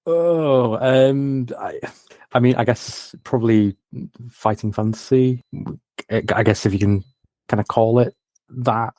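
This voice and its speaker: A man's voice: medium pitch, measured pace, darkish tone, no echo. A man being interviewed as a game designer, answering modestly with a hesitant, searching manner. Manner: hesitant, lots of fillers and restarts, modest.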